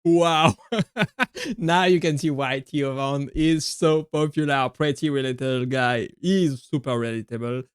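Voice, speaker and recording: A man's voice: medium pitch, steady tone, measured pace, clear, resonant tone, dry recording, clean studio sound. A man hosting a reaction video, commenting on comedy clips with enthusiastic, simple phrasing.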